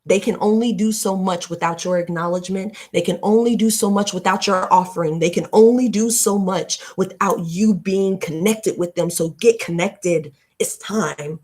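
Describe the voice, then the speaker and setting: A woman in her late twenties hosting a live stream, giving a heartfelt motivational talk. She repeats her points emphatically, like a preacher, and turns soft and emotional. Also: mid-range voice, normal speed, hardly any pauses. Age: late 20s. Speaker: livestream host.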